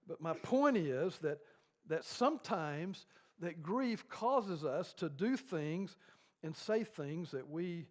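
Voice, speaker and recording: A man's voice: a little high, lively intonation, slow pace. An older man leading a church grief seminar, telling rambling, folksy stories full of fillers.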